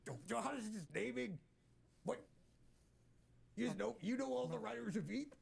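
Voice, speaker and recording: A male podcast host in casual chat, teasing his guest and rambling along. His voice is high and strongly gravelly with a husky edge. Pitch swings widely as he talks. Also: animated, moderate pace.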